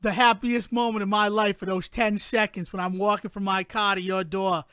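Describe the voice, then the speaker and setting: A man's voice: sits high, little pitch movement, normal speed, fairly bright tone, clean tone, dry recording, studio quality. A man putting on the voice of a brash woman with a Boston accent.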